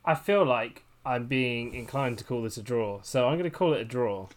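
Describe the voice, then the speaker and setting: A man's voice: mid-range voice, normal speed. A man hosting a podcast and acting as judge, trying hard to keep things fair. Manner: refereeing, trying to stay fair. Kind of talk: casual chat.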